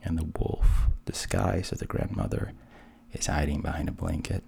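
A man casually retelling a fairy tale in a relaxed, conversational way, with asides. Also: very deep voice, moderate pace, vocal fry, slightly rough. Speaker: storyteller.

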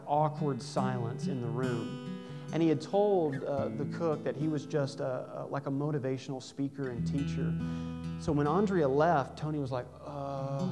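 A pastor telling a story in a sermon, getting lively when he quotes the people in it. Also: a little high. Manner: animated retelling, voices rises for quoted lines.

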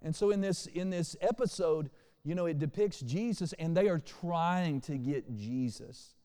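Animated male preacher in a reverberant hall. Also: a little high, a little slow. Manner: animated preacher, shifts from quiet to loud. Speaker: pastor. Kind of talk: sermon. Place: church sanctuary.

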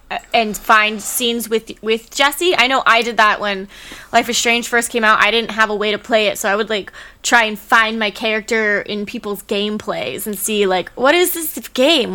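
A woman's voice: mid-range voice, fairly even intonation, moderate pace, pushed and bright, clear, resonant tone. A woman hosting a casual chat, chatty and enthusiastic, laughing easily.

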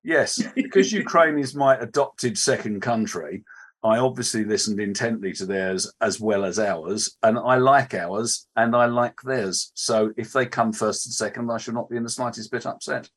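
A man co-hosting a radio chat speaks in a measured way, with a dry, sarcastic wit. His voice is husky, at a middling pitch. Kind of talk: casual chat on a radio show.

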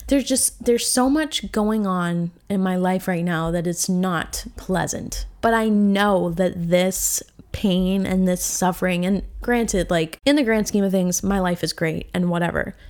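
A woman's voice: mid-range voice, a little mellow. A woman in her twenties hosting a solo podcast, talking in a candid, rambling, emotional way, full of fillers and restarts. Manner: emotional and reflective. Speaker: podcast host. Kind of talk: casual solo podcast monologue.

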